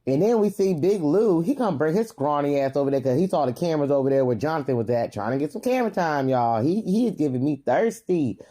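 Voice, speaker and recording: A woman recapping a reality show episode in a casual, slangy, animated vlog with frequent laughs. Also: deep voice, fast, hardly any pauses. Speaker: reality TV reviewer.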